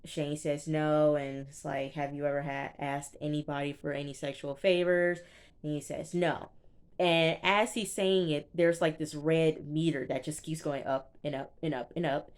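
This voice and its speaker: A young woman with a low voice chats through a reality show recap. She retells each scene in a loose, animated way and acts out what the people said. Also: normal speed, clean tone. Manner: chatty, animated retelling with quoted reactions. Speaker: TV show reviewer. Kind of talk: casual recap commentary.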